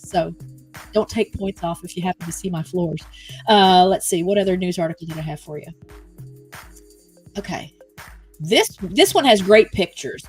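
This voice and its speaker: Chatty woman hosting a livestream. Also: medium pitch. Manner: chatty, rambling, reads viewer comments and news aloud. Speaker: livestream host. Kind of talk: casual chat.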